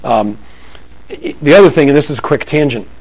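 A man's voice: mid-range voice, normal speed, rough recording. A middle-aged man giving a Christian parenting talk to a live audience, telling family stories with humor and acting out the dialogue. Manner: animated storytelling, acts out family dialogue; humorous, self-deprecating asides. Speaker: parenting speaker. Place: room with an audience.

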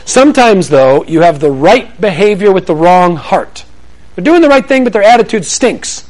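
Middle-aged male pastor, animated preacher who acts out dialogues, lively pitch. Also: moderate pace, poor audio. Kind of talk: sermon.

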